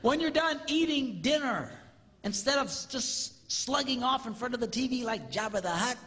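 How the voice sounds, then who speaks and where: A man giving a comedic marriage seminar to a live audience, acting out spouses' reactions in an animated, joking way. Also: extremely high pitch, normal speed. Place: large hall with live audience. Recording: reverberant hall with audience noise.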